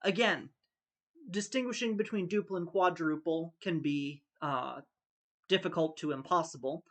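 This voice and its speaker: A man's voice: a little high, normal speed, a bit bright. A man teaching a recorded music theory lesson, talking through each step and singing rhythms on syllables. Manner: thinks aloud, sings rhythms on syllables.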